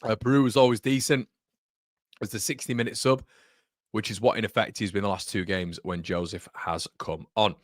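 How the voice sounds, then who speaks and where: A man with a lowish voice hosts a casual fan livestream, reading viewer comments aloud and chatting back to them. He rambles a little, corrects himself mid-sentence and keeps calling people mate. The sound is close and dry, with no room around it. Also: fairly even intonation, normal speed, dry recording. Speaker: fan channel host.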